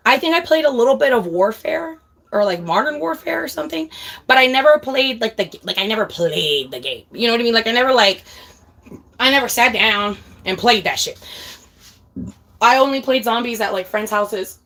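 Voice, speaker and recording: A woman's voice: a little high, lively intonation, a little fast, a bit bright. A young woman in her twenties chatting casually to her viewers in a blunt, heavily profane, emphatic way, often calling them girl. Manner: emphatic, ranting. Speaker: livestreamer.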